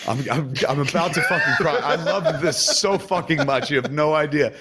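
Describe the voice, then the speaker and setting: A man in his forties hosting a podcast, telling stories in a casual, profane, excitable way and swinging into quoted voices. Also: a little high, moderate pace, hardly any pauses, slight background noise. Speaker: podcast host.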